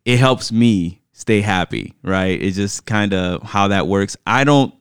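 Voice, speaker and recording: A man's voice: lowish voice, measured pace, smooth, dry recording, clean studio sound. A middle-aged man co-hosting a podcast in casual chat, upbeat and affirming, laughing often, a little tired. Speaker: podcast co-host.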